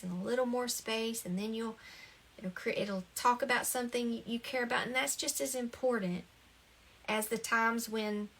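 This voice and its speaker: In a relaxed self-help talk, a woman who hosts spiritual talks gives earnest encouragement about the ego, repeating herself often and laughing lightly. Her pitch is fairly high, her tone a bit bright.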